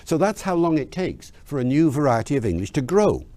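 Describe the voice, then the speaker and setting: A man explaining language change in an interview, telling lively anecdotes and asking rhetorical questions. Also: fairly high pitch, fairly quick, no room sound. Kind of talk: explanatory storytelling.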